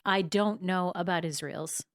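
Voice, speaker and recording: A woman co-hosting a podcast, chatting casually about the news with short responses and quick remarks. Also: lowish voice, dry recording, clean studio sound. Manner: brief interjections, conversational. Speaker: podcast co-host. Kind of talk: casual political talk.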